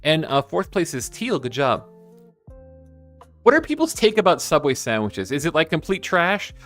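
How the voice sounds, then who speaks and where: A man's voice: normal speed, soft background music. A man streaming live and chatting casually, reading viewer comments aloud, rambling and often sidetracking himself with many restarts. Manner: animated, jumps high in pitch when excited.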